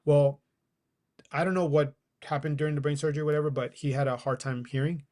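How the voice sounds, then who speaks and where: A man's voice: a little high, fairly even intonation, a little fast, dark tone. A man, probably in his forties, telling a personal story as a podcast guest, acting out quoted dialogue and laughing as he goes. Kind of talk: casual storytelling.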